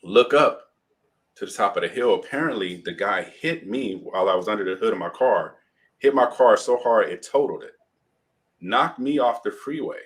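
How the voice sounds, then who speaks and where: Low-voiced man telling a vivid story. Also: lively intonation, moderate pace. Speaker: guest. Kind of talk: personal storytelling in an interview.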